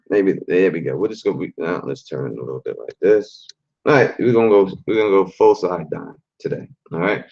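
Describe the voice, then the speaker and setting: Low-voiced guy streaming off his phone, voice kinda rough, chill slangy shout-outs, muffled lo-fi sound. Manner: laid-back street slang, shout-outs to chat. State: voice a bit rough after a late night. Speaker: channel host. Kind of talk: casual livestream chat. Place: hotel room at a fan convention. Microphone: phone or laptop camera.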